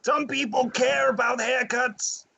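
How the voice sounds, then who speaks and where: A man's voice: extremely high pitch, little pitch movement, measured pace, vocal fry, bright, forceful tone, breathy edge, full character voice. A man putting on a touchy, easily upset character who obsesses over haircuts, complaining petulantly on a prank phone call. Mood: aggrieved.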